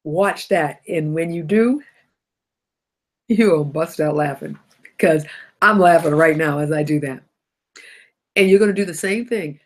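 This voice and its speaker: A woman's voice: low-pitched, unhurried, pauses often. A middle-aged woman with a cold hosts a motivational broadcast, talking animatedly to viewers and often laughing and correcting herself. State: has a cold. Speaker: host of a self-help broadcast.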